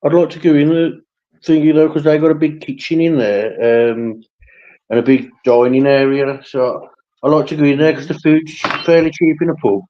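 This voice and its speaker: A man's voice: on the high side, level tone, normal speed. A man, telling rambling anecdotes in casual chat and swearing freely. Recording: dull lo-fi stream audio.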